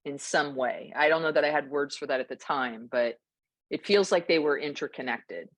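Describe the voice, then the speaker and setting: A woman co-hosting a podcast, telling a story in a relaxed, reflective way with frequent fillers. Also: deep voice, normal speed, dry recording. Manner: thoughtful storytelling, many fillers. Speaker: podcast co-host. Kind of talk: casual reflective chat.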